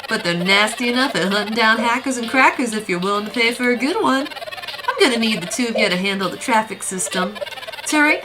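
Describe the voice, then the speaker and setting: A woman's voice: a little high, background noise, lightly acted. A woman voicing a folksy hacker with a put-on, wobbly country drawl and homespun sayings. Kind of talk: voicing game dialogue while playing. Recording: game music behind.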